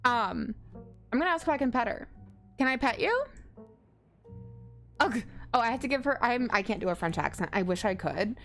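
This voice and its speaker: A woman's voice: a little high, lively intonation, fast. A young woman streaming a story game, chatting casually and giggling as she reads chat aloud. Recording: faint music behind.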